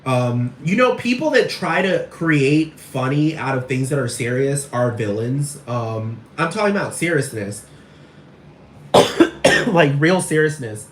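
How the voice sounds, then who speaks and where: A man's voice: medium pitch, expressive, measured pace. A man ranting in a rambling, repetitive and profane casual monologue. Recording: echoey room, far from mic, faint noise.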